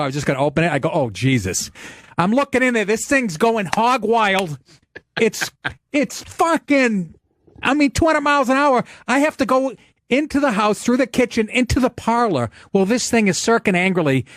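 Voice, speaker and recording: A man hosting a podcast, telling a comic story in a profane, animated way and laughing as he goes. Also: sits high, dry recording. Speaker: podcast host.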